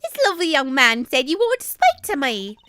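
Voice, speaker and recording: A woman's voice: high-pitched, big pitch swings, fairly quick, sharp tone, slight background noise, pitched above the performer's own voice, full character voice. A woman voicing a grandiose, self-promoting female pharmacist in a game read-through.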